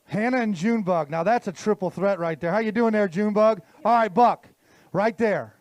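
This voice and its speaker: A man emceeing a live fishing tournament weigh-in outdoors on a handheld mic, hyping the crowd and stretching out shouted weight totals. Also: high voice, no echo. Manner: hype announcer, drawn-out shouted totals. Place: outdoor lakeside weigh-in stage.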